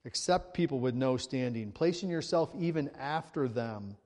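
A man preaching in a relaxed, conversational way, often checking in with the congregation and lifting his voice to stress a point. His mid-range voice carries a long reverb tail from a large hall. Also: mid-range voice, moderate pace. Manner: conversational preaching with frequent tag questions and rising emphasis. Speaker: pastor. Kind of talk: sermon.

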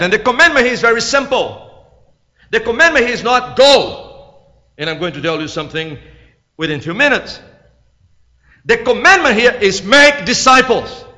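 Preacher, man, high ringing voice, slightly broken english, emphatic, echoey dull church recording. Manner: emphatic, swings between loud proclaiming and quiet asides. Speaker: guest preacher. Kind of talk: sermon.

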